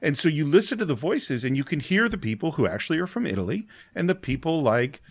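A man co-hosting a casual film podcast, walking through scenes and explaining them like a storyteller. His pitch moves in a lively, expressive way. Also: fast. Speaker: podcast co-host. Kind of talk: casual chat about a film.

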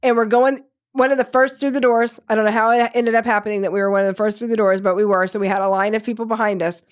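A middle-aged woman co-hosts a podcast, chatting casually and telling stories with frequent laughter. Her voice is fairly high with fairly even intonation, and she talks at a quick pace.

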